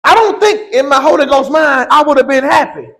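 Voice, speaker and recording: A man preaching a sermon, reading scripture and then building to slow, emphatic shouted lines. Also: very high voice, expressive, rough recording.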